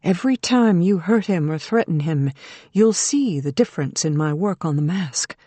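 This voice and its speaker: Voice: medium pitch, expressive, moderate pace, no echo, close to an everyday voice. Audiobook role: strained, defiant woman, voiced by the narrator, dry studio sound. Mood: tense. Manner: tense, bitter, forceful. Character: determined mother under strain, adult woman. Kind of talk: audiobook character reading.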